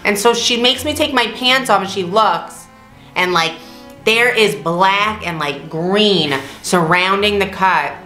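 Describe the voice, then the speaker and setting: Young woman telling a story, bright voice, acts out all the voices, laughs a lot, echoey room, faint music. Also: takes it slowly. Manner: animated, acts out quoted voices with big pitch jumps; laughs often mid-story. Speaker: vlog co-host. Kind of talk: casual storytelling.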